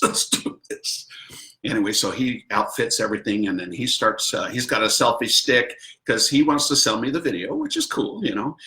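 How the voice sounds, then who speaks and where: A man's voice: on the low side, pushed and bright, roomy sound. A man hosting a video, telling a personal story casually and animatedly, acting out quotes and laughing often. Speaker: host.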